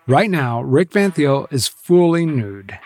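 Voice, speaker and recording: A man's voice: fairly high pitch, very animated, slow pace, darkish tone, faint music behind. Wry male documentary host. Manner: wry, incredulous. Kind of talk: documentary narration.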